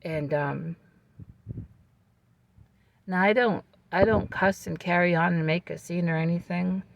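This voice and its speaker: Calm vlogger with a creaky voice. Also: medium pitch, slight background noise. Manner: calm, measured retelling with fillers and restarts. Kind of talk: casual storytelling to camera.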